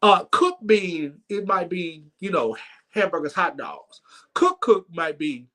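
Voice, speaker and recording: A man with a fairly high voice hosts a comedic church livestream, speaking into his stream microphone. He tells his stories with lively energy and often trips over his words and starts over. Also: takes it slowly, poor audio. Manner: lively storytelling with stammered restarts.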